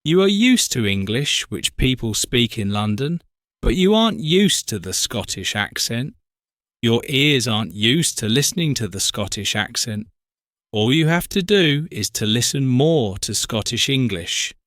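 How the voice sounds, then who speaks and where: Patient english teacher in a storybook, read by a man, slow and calm, dry sound. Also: medium pitch, no echo. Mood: reassuring.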